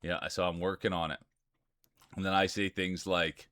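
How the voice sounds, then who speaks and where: A man's voice: low-pitched, flat delivery, moderate pace, fairly bright tone, no room sound. A man streaming live, chatting casually and rambling while greeting viewers by name.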